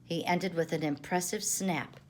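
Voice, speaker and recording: An older woman, a grandmother, reading a children's storybook aloud with gentle, expressive delivery. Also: fairly low pitch, a little slow. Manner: gentle expressive read-aloud, varied intonation.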